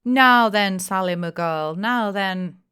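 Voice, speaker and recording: A woman's voice: lowish voice, moderate pace, close to an everyday voice. A woman voicing a stout, good-humoured old innkeeper who scolds his daughter in a blustering way. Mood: scolding.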